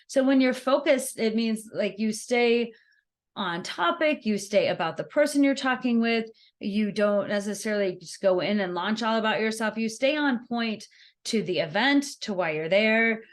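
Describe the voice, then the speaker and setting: A woman with a fairly high voice leads a workshop on networking skills. She talks in a lively, conversational way, acting out little scenes and laughing easily as she explains. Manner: animated and conversational, with playful acted-out examples. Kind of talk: workshop presentation.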